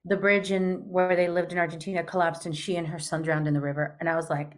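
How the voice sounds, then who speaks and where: A woman in her fifties, telling a personal story in a chatty, animated way with frequent casual fillers. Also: fairly low pitch, fast talker. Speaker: guest. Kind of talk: storytelling in conversation.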